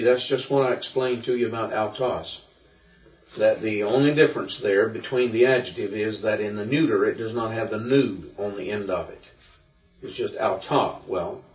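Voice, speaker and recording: A man teaching a Greek grammar lesson, explaining step by step in a relaxed way with many fillers and restarts. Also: on the low side. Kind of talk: classroom lecture. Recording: distant, roomy, dull lo-fi recording.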